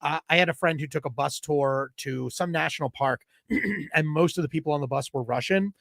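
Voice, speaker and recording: A man's voice: on the high side, moderate pace, gravelly, a bit bright, dry recording. Laughing middle-aged podcast co-host man. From Philadelphia area. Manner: rambling anecdotes, laughs often. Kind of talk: casual comedy chat.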